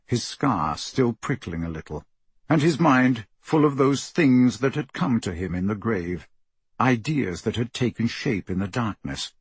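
A man reading an audiobook in a slow, measured narration. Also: medium pitch, slightly rough, dry recording. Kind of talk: scripted narration.

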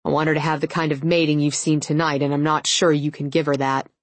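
A man's voice: on the high side, little pitch movement, fast talker, dry recording, lightly acted. A woman reading the lines of a stern, protective older male werewolf uncle in an audiobook, blunt and disapproving.

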